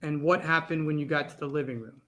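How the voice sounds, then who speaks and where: A man's voice: a little high, steady tone, fast, pushed and bright. A man examining a witness in court, asking short, direct questions. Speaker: trial attorney questioning a witness.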